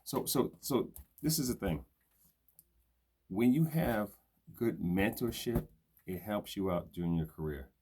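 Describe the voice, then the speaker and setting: Older Brooklyn man, very deep voice, New York accent, casual slangy live-stream host. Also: animated, unhurried, pauses often, slightly rough. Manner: streetwise slang, shouts out viewers by name. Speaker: host of a live video show.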